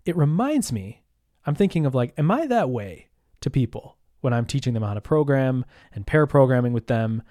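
Man, solo podcast host, rambling casual talk, mid-pitched voice, dry close sound. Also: very animated, moderate pace, warm tone, no room sound. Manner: rambling, self-interrupting, full of fillers and mild swearing.

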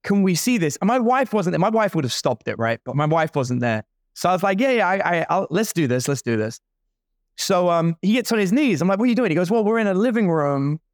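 Man in his forties, guest entrepreneur, lively storyteller, slightly high voice, dry close sound. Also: brisk, no room sound. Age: 40s. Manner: animated storyteller acting out other people's lines. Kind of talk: casual storytelling.

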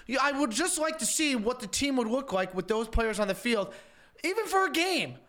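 A man's voice: very high voice, expressive, moderate pace, bright, forceful tone. A man co-hosting a sports talk show, chatting casually, rambling and insistent with many stammered restarts. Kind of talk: casual sports radio chat.

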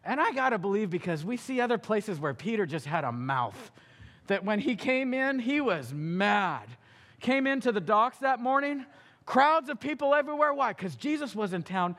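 A male pastor preaching a sermon, telling the story with animated acting-out of characters. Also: high-pitched, normal speed, big-room sound.

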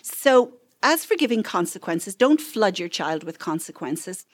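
A woman's voice: medium pitch, very animated, unhurried, no echo. A woman counselor giving a parenting talk, telling stories and acting out what parents and children say, with frequent "right?" asides.

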